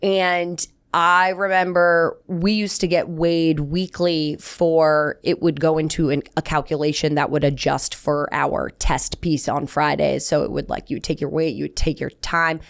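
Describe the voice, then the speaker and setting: A woman's voice: deep voice, measured pace, creaky, hardly any pauses. A young woman co-hosting a sports podcast, talking in a chatty, casual way. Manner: chatty, animated storytelling with laughs. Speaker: podcast co-host.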